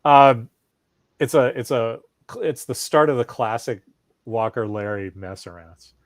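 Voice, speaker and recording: Co-hosting a laid-back chat podcast, a middle-aged man speaks a little slowly in a mid-range voice on a dry recording. He tells stories with animation, swearing and performing the quotes.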